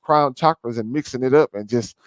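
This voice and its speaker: Speaking a little fast at medium pitch, this man runs a vlog where he plays a clip and delivers ranting, preachy commentary over it, referring to viewers as family. The recording is rough, with no room sound.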